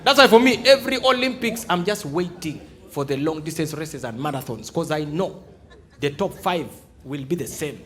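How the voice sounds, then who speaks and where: A man's voice: on the high side, normal speed. A man from Uganda with a Ugandan English accent, performing live stand-up comedy in a theatre and acting out dialogues. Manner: animated, acts out dialogues in shifting voices. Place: large theatre stage before a live audience.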